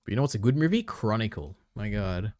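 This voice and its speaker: A man's voice: fairly low pitch, lively intonation, fast, a little mellow, dry recording. A young man streaming, reacting to videos in an offhand, chatty way and thinking aloud.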